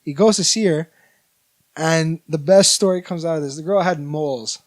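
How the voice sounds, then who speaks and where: Guy in his 20s rambling thru a story on a podcast, kinda high voice, tons of likes. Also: moderate pace. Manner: rambling storyteller, lots of "like" and restarts. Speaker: podcast co-host. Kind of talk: casual chat.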